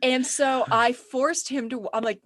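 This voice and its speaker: A middle-aged woman chatting as a podcast guest, animated and quick to laugh while telling stories. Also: sits high, dry recording, studio quality. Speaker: podcast guest, speaker agent. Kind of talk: casual interview chat.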